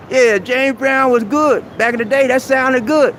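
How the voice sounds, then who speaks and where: A man with a strikingly high voice hosts a live stream from outside a busy mall. He lectures his viewers in a preachy, exhorting way and keeps calling them "man". Faint street and traffic noise sits behind him. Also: unhurried, hardly any pauses, fairly bright tone. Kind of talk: motivational advice rant. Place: outdoors at a busy shopping mall.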